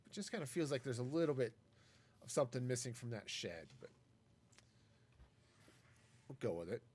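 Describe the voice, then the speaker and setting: A man's voice: mid-range voice, sing-song, moderate pace, a little mellow, slightly rough. A man casually talking through a live game stream, wry and self-mocking as he rambles. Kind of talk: casual gameplay commentary.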